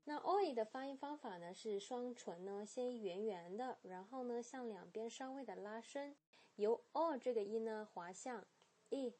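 A woman teaching English pronunciation in a clear lesson style, modelling words and sounds slowly and repeating them, with explanations in Mandarin. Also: a little high, mellow.

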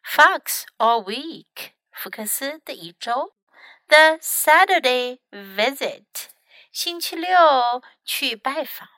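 Taking her time, a woman with a high-pitched, animated voice reads a children's picture book aloud with no room sound. She teaches English to kids and reads bilingually in English and Chinese, in a gentle, explanatory way.

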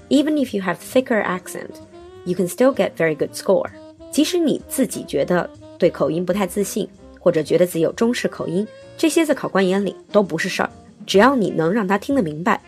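A woman's voice: mid-range voice, darkish tone, breathy edge. A woman hosting, recapping and explaining points for listeners in a talk show style. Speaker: host. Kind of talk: bilingual radio talk.

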